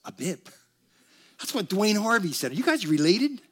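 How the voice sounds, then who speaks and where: Pastor preaching with playful humor. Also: male voice, sits high, big pitch swings, normal speed, breathy edge. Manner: conversational preaching with humor and call-and-response. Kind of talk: sermon. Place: church sanctuary.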